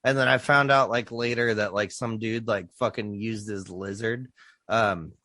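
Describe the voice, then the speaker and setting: A man's voice: lowish voice, normal speed, no echo. A man co-hosting a podcast, telling stories in casual chat, swearing a lot and laughing. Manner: profane, animated storytelling with laughs. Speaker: podcast co-host.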